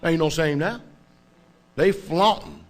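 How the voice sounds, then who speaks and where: A pastor preaching with emphasis, his voice sitting slightly high for a man. He talks in plain colloquial speech and keeps asking the congregation whether they follow him. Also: takes it slowly. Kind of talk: preaching sermon.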